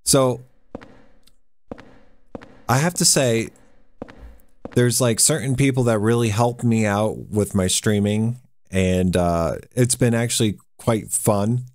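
Slow, laid-back man streaming a game. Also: on the low side, darkish tone, no room sound, clean studio sound. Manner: laid-back, chuckling often. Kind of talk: casual gameplay commentary.

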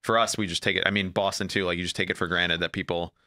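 A man's voice: deep voice, steady tone, fast, bright, forceful tone, dry recording, clean studio sound. A man co-hosting a podcast, telling rambling stories full of fillers in casual chat. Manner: rambling, filler-heavy storytelling. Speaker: podcast co-host.

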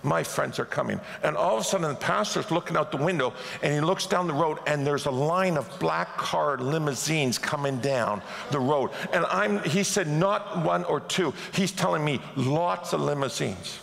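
Gravelly, animated preacher in an echoey hall. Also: male voice, fairly high pitch, normal speed, few pauses. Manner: animated storyteller who acts out the people in his stories. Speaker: pastor. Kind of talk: sermon storytelling.

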